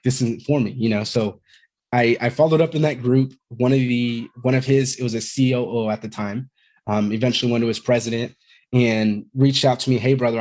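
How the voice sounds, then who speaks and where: A man's voice: medium pitch, darkish tone. Candid rambling man telling stories. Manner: candid, rambling, swears freely. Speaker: podcast guest, Marine veteran. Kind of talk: casual conversational storytelling.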